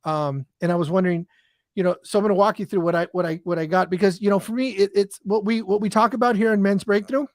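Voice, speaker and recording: Male podcast host, high voice, rambly casual talk, dry close sound. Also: steady tone, fast talker, dry recording. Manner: rambling, many fillers and restarts. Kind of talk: casual conversation.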